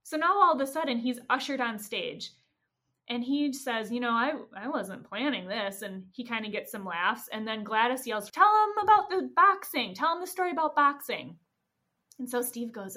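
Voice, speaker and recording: A woman podcast host retelling a story in a casual, animated way, acting out the quoted lines. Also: a little high.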